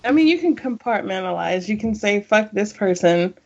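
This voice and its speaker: A woman with a middle-pitched voice chatting as a podcast guest. She is self-deprecating and rambling, and the recording sounds dull and lo-fi. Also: expressive, normal speed, a little mellow. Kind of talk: casual chat.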